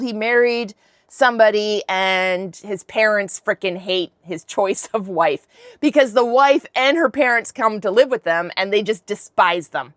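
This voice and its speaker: A woman's voice: on the high side, dry recording. A woman host casually retelling a Bible story, chatty and slangy with wry asides. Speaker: podcast host.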